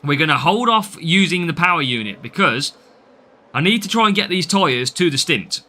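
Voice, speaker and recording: A man's voice: a little high, expressive, moderate pace, bright, forceful tone. A young man with an English Midlands accent, chatting through live game commentary and greeting viewers by name. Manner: chatty, reads out and answers viewer names. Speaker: game streamer.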